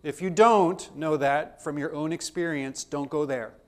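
A man lectures on theology at a measured pace, his voice on the high side. He keeps things conversational and acts out the lines of characters in his personal anecdotes.

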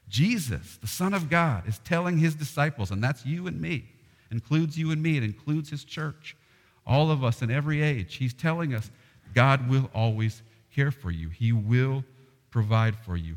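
A pastor preaching a sermon, earnest and plain, with voice rising into animated impressions. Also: male voice, mid-range voice, a little slow, big-room sound.

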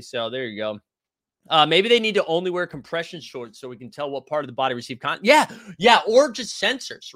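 Man hosting a live stream, forceful bright voice, dry close sound, talks loud and animated, reads chat. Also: fairly high pitch, dry recording. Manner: loud, animated, yells often; reads and answers chat comments. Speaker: host of a basketball live stream.

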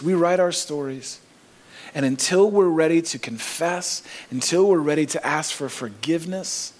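A man preaching a sermon in a church, earnest and emphatic, rising on key phrases. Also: mid-range voice. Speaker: pastor.

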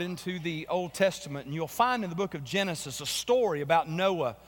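High-voiced pastor, church reverb. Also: male voice, fairly bright tone. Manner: folksy storytelling, rising into preaching emphasis. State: slightly hoarse from a cold. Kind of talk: sermon. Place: church sanctuary. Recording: long reverb of a church hall.

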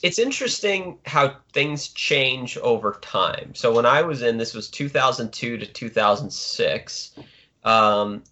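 A man's voice: medium pitch, sharp tone, highs cut off. A middle-aged man answering as a podcast guest, hesitant and full of fillers. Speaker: podcast guest, naval writer. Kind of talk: casual interview answers.

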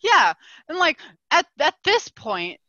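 Podcast co-host, woman, bright and forceful, dry close sound, animated storyteller who swears a lot. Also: high voice, takes it slowly, no echo, highs cut off. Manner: animated ranting with lots of "like" and swearing. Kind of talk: casual chat, storytelling.

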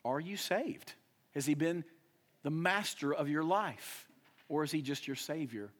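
A young adult male pastor preaching a sermon, swinging between loud emphatic rises and hushed, quiet drops. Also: on the high side, measured pace.

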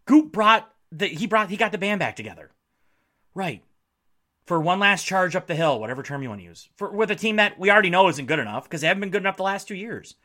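Blunt podcast guy, bright voice that goes all over the place, swears a lot. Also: sits high, fast. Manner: animated, blunt, swears freely, acts out quotes. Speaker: podcast host. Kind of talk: casual sports commentary.

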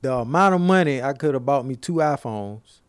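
A man's voice: mid-range voice, normal speed, smooth, dry recording, studio quality. A man with co-hosting a casual podcast, telling stories animatedly and acting out quotes. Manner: animated storyteller, acts out quotes. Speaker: podcast co-host.

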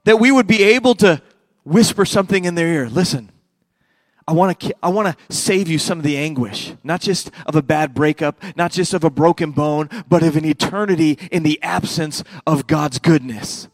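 A middle-aged man preaching a sermon as a pastor, swinging between loud fervent passages and quiet hushed ones. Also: a little high, moderate pace, dry recording.

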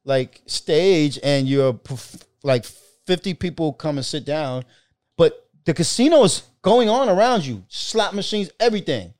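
A male comedian tells a story in loose podcast banter, his voice swinging up and down with plenty of life. The tone is smooth and clear, pitched a bit above the usual for a man, and the sound is dry and close with no room around it. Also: measured pace, no echo. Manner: animated storytelling, swears freely. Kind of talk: casual podcast chat.

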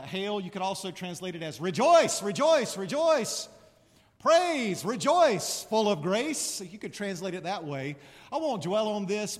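Guy preaching a sermon, chatty then bursts out loud, voice rings around a big hall. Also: on the high side. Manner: animated, conversational with sudden loud proclamations. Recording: reverberant hall.

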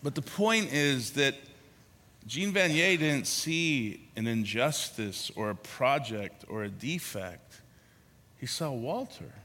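Man, pastor, sermon, slow pausing delivery, bright tense voice, long hall reverb. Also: medium pitch.

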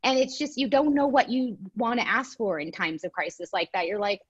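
A woman's voice: on the high side, a little fast, slightly rough, highs cut off. A woman talking in a casual chat as a guest, telling stories animatedly and acting out what others said. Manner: animated storyteller, quotes others in voices.

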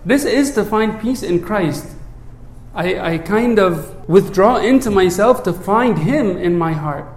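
A man with a fairly high voice gives a relaxed, conversational sermon. He stumbles over repeated words and keeps asking "right?" to check in with his listeners. His voice sinks low and quiet whenever he recites the prayer, and the room around him rings with echo. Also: measured pace. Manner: repeats words at the start of phrases; drops low and soft when reciting prayer. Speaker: priest.

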